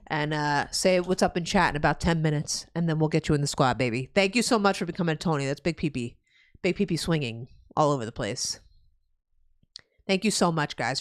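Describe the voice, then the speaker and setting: A young woman from New Jersey talks to her live-stream chat in a loose, profane rant. Her voice swoops high and low with lively, animated pitch. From New Jersey, USA. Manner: profane ranting, loud swings in pitch. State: pregnant.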